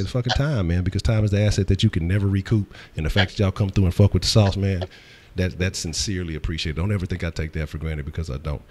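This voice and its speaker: Deep, fast-talking sports host. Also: male voice. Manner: loose, profane, hyped shout-outs. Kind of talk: casual sports talk stream.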